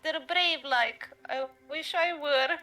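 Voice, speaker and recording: A woman voicing a timid, earnest young man in a dating game, speaking softly. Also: high-pitched, slow pace, very noisy, pitched above the performer's own voice. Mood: shy. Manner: timid and earnest, soft-spoken. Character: shy, sweet young man.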